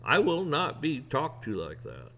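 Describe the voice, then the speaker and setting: A man's voice: fairly high pitch, huge pitch swings, a little slow, creaky, fairly bright tone, lo-fi sound. A man hosting his own opinion show, ranting bluntly with profanity and repeated restarts. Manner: repeats words and restarts when worked up. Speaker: podcast host. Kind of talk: opinion rant.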